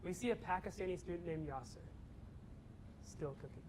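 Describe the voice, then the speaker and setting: A young campus ministry speaker with a fairly high voice tells a story to students with lots of energy, acting out the characters and even his own shouting. He talks fairly quickly, and faint background noise is audible in the recording.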